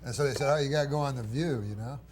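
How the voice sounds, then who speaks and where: A man in his forties telling a long, rambling anecdote as a talk show guest, deadpan and drawling, sometimes putting on other voices. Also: slight background noise. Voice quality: dry, deadpan storytelling with drawling pauses. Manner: acts out other voices with raised pitch.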